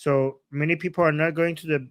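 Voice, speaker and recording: A man's voice: on the high side, level tone, a bit bright, no echo. Man translating aloud on a live stream. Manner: halting, thinking aloud, many restarts. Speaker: host translating a guest. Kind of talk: live stream commentary and interpretation.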